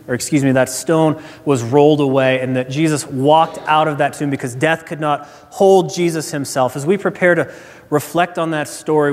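A man preaching a sermon as pastor, telling stories in a relaxed, conversational way. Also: on the high side. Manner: conversational storytelling. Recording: echoey hall reverb.

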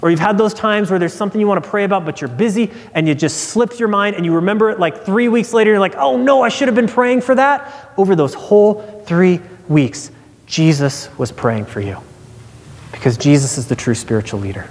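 A man in his thirties preaching a sermon, telling a personal story and acting out quoted voices, dropping low for emphasis. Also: a little fast. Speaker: pastor. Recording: long hall reverb.

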